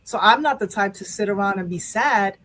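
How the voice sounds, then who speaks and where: Husky-voiced woman talk show host. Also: mid-range voice, fairly quick, a bit bright, rough recording. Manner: candid, emotional, rambling with many restarts. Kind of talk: casual live talk show chat.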